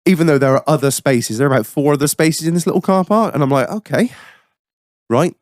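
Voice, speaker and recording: Podcast host, man, profane and lively, dry booth sound. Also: fairly high pitch, fast talker, no echo. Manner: profane, animated storytelling. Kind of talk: casual chat, storytelling.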